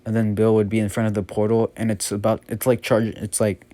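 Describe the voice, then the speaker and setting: A man spinning a casual made-up story, rambling along with frequent fillers and restarts. His voice is fairly low and mellow, never sharp. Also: monotone, a little fast, no echo. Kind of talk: casual fan story narration.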